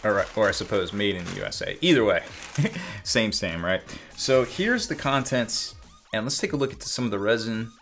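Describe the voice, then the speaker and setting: A man's voice: lowish voice, animated, normal speed, fairly bright tone, soft background music. A man giving a casual unboxing commentary as a miniatures reviewer, rambling with fillers and self-corrections.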